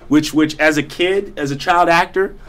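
A man's voice: a little high, normal speed, a bit bright. Laid-back slangy man telling stories. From South Africa. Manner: laid-back storyteller, slangy, many fillers and restarts. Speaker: guest actor. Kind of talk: casual studio chat. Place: studio.

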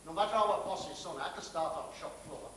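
An actor playing a blunt, hearty factory boss, telling a folksy story. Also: male voice, fairly high pitch, fast talker, a bit bright, a little hiss or hum, lightly acted. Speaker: factory owner giving advice. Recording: roomy film sound from a distant mic.

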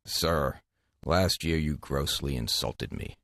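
A man reading an audiobook voices a menacing male wolf in a low, accusing tone. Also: slow pace, fairly bright tone, no echo, studio quality, heavily acted.

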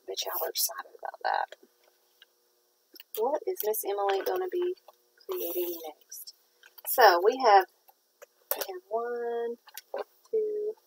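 A woman's voice: on the high side, creaky, noisy background. A woman, chatting casually and rambling in a folksy way while she works on a craft project. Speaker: craft vlogger.

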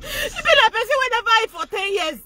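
A woman with a Nigerian accent hosting a gossip commentary vlog. She mocks loudly and keeps breaking into laughter. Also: extremely high pitch, big pitch swings, quick pace. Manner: mocking, laughs loudly and often. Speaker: vlogger and show host.

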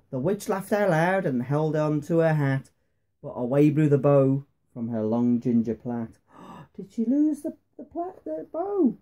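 A father reading a rhyming picture book aloud to his young son, with a steady rhythm and dramatic pauses. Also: a little high. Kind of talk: rhyming bedtime story reading.

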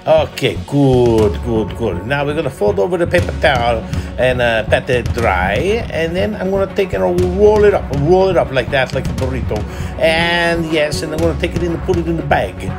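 A man's voice: a little high, animated, normal speed, gravelly. A man hosting a home cooking video, casually talking through each step with frequent "uh" fillers, in a home kitchen. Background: background music.

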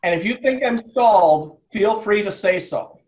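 A man's voice: high voice, animated, normal speed, a little mellow, rough recording. A man, an author, explaining and dictating a story live to an audience, speaking his punctuation aloud.

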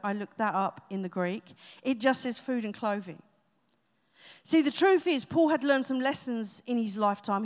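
A woman pastor, preaching a live sermon with emphasis and humorous asides. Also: a little high. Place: church auditorium, live congregation. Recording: reverberant live church hall.

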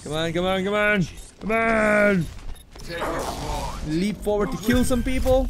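High-voiced guy yelling through a game, slow drawn-out talk, loud game music behind. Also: a little hiss or hum. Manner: shouty, excitable, yelling bursts. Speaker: gameplay channel host. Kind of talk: excited gameplay commentary.

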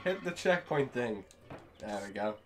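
A man's voice: mid-range voice, very animated, a little slow, faint music behind. A man commentating a video game with a friend, joking, laughing often and swearing freely. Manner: joking, giggly, swears a lot. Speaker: let's play host. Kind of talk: casual gameplay commentary.

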